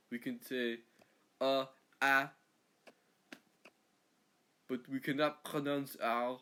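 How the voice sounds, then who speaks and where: A man's voice: medium pitch, a bit bright. A man putting on a boastful Frenchman. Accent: French, put on. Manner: halting, broken English.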